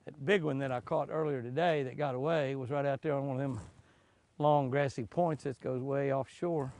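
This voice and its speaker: A man's voice: mid-range voice, vocal fry, a little mellow, no echo. A man hosting a fishing show from a boat on a lake, exclaiming over each catch, chuckling, and talking to himself. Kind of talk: excited fishing commentary.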